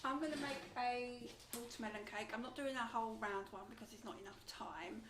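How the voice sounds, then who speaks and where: A woman with a Cockney accent demonstrating cake decorating in a kitchen, soft-spoken and quiet. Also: fairly high pitch, brisk, echoey room, background noise. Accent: London Cockney. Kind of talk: baking demonstration. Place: shop kitchen.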